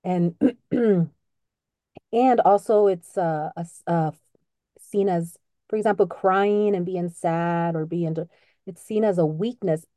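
A woman's voice: fairly low pitch, takes it slowly, warm tone, dry recording, clean studio sound. A middle-aged woman co-hosting a podcast, talking openly and emotionally in a casual chat, laughing often. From Latino family background. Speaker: podcast co-host. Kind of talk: casual heartfelt conversation.

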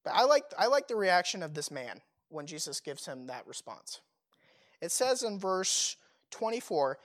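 A man's voice: sits high, very animated, normal speed. A young man preaching a sermon in a casual, conversational way, full of fillers and rhetorical questions.

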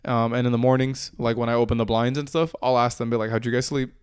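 A man co-hosting a podcast in casual chat, an animated storyteller who swears casually. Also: mid-range voice, fast, clean tone, no echo, clean studio sound. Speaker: podcast co-host.

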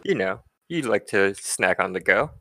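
A man narrating a tabletop game as game master, playful and quick to laugh. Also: on the low side, animated, bright, forceful tone, no echo. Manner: laughs often, playful and teasing.

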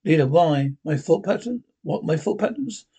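A man's voice: a little high, lively intonation, normal speed, gravelly, mellow, slightly rough, full character voice. A man reading a blunt warrior woman. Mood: questioning. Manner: reads the character's name before each line.

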